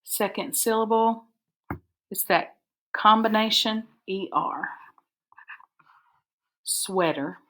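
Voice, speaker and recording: A woman teacher, dictating spelling words and breaking them into syllables slowly and carefully for a recorded lesson. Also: medium pitch, fairly bright tone. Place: recorded for an online video lesson.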